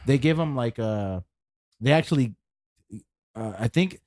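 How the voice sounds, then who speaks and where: A podcast co-host chats casually in a studio-quality recording with no room sound. His medium-pitched voice is a little slow and a little mellow, with lively intonation, and he rambles, using lots of fillers and repeating words while he thinks.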